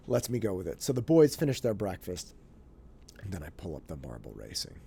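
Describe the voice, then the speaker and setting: Animated man with a mellow voice. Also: low-pitched, brisk, gravelly, a little hiss or hum. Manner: animated, acts out family dialogue, restarts and fillers. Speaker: podcast host. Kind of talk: casual storytelling monologue.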